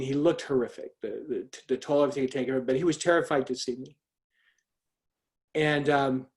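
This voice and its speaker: Middle-aged man, earnest faith testimony, quiet storytelling, mid-pitched voice, restarts often, call audio. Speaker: speaker sharing a testimony.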